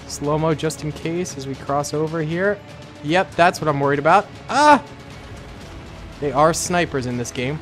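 A young man giving excitable let's-play commentary, yelping and laughing often. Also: on the high side. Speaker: gaming YouTuber.

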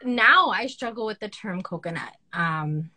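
A young woman on a casual panel, telling stories in an animated way, acting out other people's voices and saying "like" often. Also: mid-range voice, unhurried. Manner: animated storytelling, acts out quoted voices, frequent "like" fillers. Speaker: writer and panelist.

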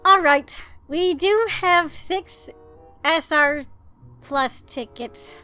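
A woman giving casual commentary while pulling cards in a mobile game, talking in an excitable, pleading, dramatic way. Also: high-pitched, drawn-out words, soft background music.

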